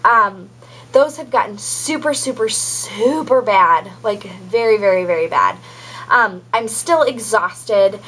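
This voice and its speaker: A woman's voice: medium pitch, takes it slowly, a bit bright, a little hiss or hum, rough recording. A young adult woman giving a casual pregnancy update vlog, chatty and rambling with many ums and likes. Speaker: vlogger.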